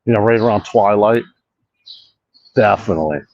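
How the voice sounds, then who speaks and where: A man's voice: on the low side, normal speed, a little mellow, highs cut off, a little hiss or hum. A man hosting a casual walk-and-talk vlog outdoors, rambling, swearing a lot and mocking himself. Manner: rambling, profane, self-mocking. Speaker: host. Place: outdoor park.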